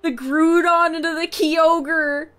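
A woman's voice: extremely high pitch, steady tone, slow pace, a bit bright. A woman streaming to her chat, laughing and teasing as she repeats words in mock disbelief. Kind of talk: casual live-stream chat.

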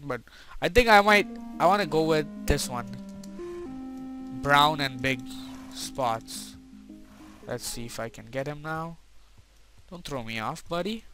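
Excitable young guy narrating his gameplay. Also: mid-range voice. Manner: excitable, talks to himself and his horse, frequent mild swearing. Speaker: gaming video creator. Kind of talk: gameplay commentary.

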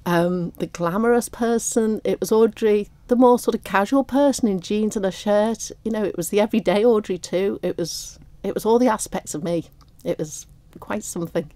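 A woman of fifty or older, a guest on a radio interview, speaking warmly and near tears, laughing often. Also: mid-range voice, moderate pace, hardly any pauses, no echo. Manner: warm, tearful, laughs often. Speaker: radio guest, raffle prize winner.

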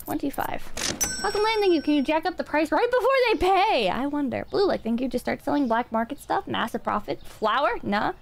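A woman's voice: high voice, lively intonation, brisk, gravelly, slight background noise. A woman streaming a game, chatting casually with her viewers in a chaotic, swearing, self-mocking way. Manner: chaotic, swearing, self-mocking, talking to chat while playing. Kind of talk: casual gaming stream chat.

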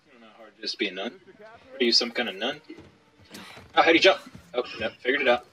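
Young male let's play co-host, animated and bright, jokey banter while gaming. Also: medium pitch, fast talker, poor audio. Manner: joking banter, reacts to gameplay. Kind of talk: casual gaming commentary.

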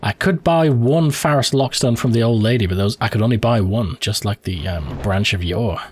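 A man's voice: fairly low pitch, moderate pace, a little mellow, a little hiss or hum. A man hosting a let's play, giving profane, reactive commentary and thinking aloud as he plays. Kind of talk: live gameplay commentary.

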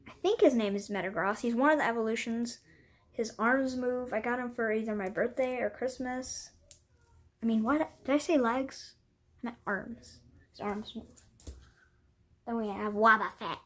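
Woman vlogger, breathy and a bit high-pitched, self-deprecating, casual show-and-tell at home with the odd whisper. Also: moderate pace. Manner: rambling, apologetic, self-deprecating; drops into whispers at times.

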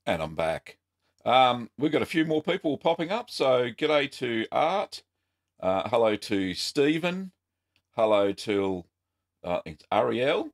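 An Australian man hosting a casual live-stream question-and-answer show, chatty and relaxed with frequent ums. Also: mid-range voice, a little slow. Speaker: host.

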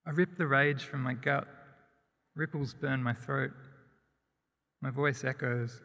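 A man reading a first-person story aloud in a plain, steady way. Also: medium pitch, slow pace. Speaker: narrator. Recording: long hall reverb.

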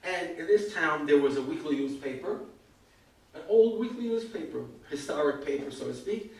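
An older American man telling a humorous story at a community evening, self-mocking and animated, acting out other people's lines. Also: on the high side, normal speed. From United States. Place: event hall. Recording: echoey hall, far from the mic.

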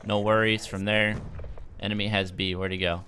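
A young man giving excitable live commentary over his shooter gameplay, yelping and groaning at every setback. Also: on the low side, normal speed, a little hiss or hum. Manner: excitable, yelps and laughs when things go wrong. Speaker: gaming YouTuber. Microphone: desk microphone at a gaming setup.

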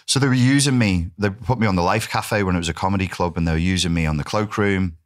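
Middle-aged man, Wirral accent, very low voice, lively anecdotal podcast guest. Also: quick pace. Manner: animated, swears, does voices for others. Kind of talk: casual storytelling interview.

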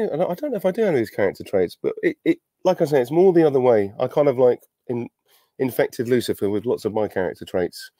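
A man's voice: medium pitch, warm tone, no room sound, clean studio sound. A middle-aged man, an actor, answering fan questions on a virtual panel, chatty and self-deprecating, thinking aloud as he goes.

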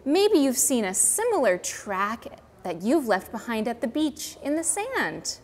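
A Canadian woman, a museum educator, teaching small children and reading a storybook aloud. She speaks slowly in a sing-song way and asks the kids questions. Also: on the high side, very animated.

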